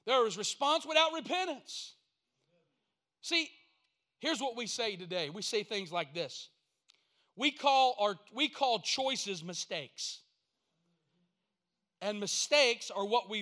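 High, bright-voiced preacher. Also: male voice, animated, slow, pauses often. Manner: folksy storytelling preaching, rising to emphatic points. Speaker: pastor. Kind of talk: sermon.

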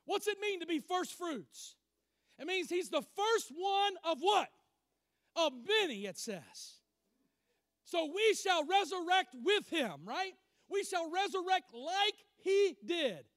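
A man preaching a sermon, emphatic, swinging from loud declarations to quiet asides. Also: extremely high pitch, sing-song, slow, no room sound, studio quality.

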